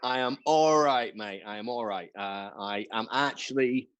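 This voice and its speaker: Man, British comedian, mid pitch, laid-back, stammering, video call from his flat. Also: unhurried, smooth. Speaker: comedian guest. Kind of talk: casual online chat. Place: flat at home.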